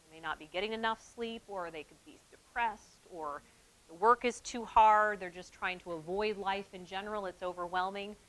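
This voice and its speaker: A woman presenting a training session on childhood trauma to school staff, talking in a lively way that drops to soft, calm tones. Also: medium pitch, normal speed, rough recording. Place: event hall with an audience.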